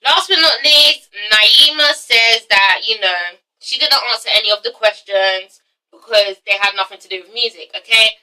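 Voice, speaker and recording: A woman's voice: a little high, moderate pace, bright, forceful tone, recorded from a distance, poor audio. A young woman with an English accent giving a blunt, sassy review, swearing freely and tagging "okay?" onto her points. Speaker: vlogger reviewing a reality show. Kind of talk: casual sassy commentary.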